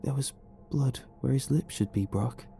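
A man's voice: medium pitch, normal speed, vocal fry, warm tone, soft background music, voice pushed up, close to an everyday voice. A man voicing a frightened young boy who is shaken and haunted.

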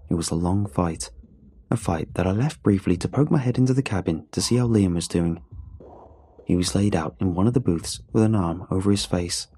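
Male narrator, measured delivery, dark and husky low voice. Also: expressive. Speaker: storyteller. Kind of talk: first-person story narration.

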